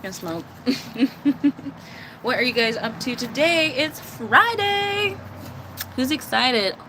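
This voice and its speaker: A woman's voice: on the high side, expressive, slow, noisy background. An American woman chatting casually on a live stream from an outdoor cat enclosure, laughing easily and talking to her viewers. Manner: chatty, laughs often, baby-talks to her cats.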